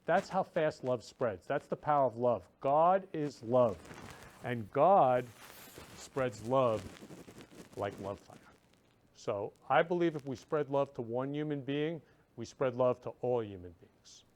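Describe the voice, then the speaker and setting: A man's voice: mid-range voice, takes it slowly, a little mellow, slight background noise. A man hosting his own show, talking earnestly and effusively to viewers, repeating himself often. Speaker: show host. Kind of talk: casual talk to viewers.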